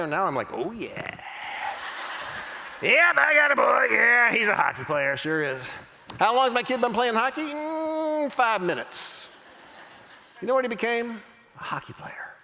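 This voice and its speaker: A middle-aged man giving a keynote talk, telling a family story and acting out the voices he quotes. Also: fairly high pitch. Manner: animated, acts out quoted voices. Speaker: motivational speaker. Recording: long hall reverb.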